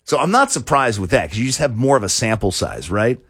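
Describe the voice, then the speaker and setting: Husky, lively-voiced male talk show host. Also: medium pitch, fairly quick, no echo, clean studio sound. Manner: rambling, with many restarts and chuckles. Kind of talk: casual talk show chat.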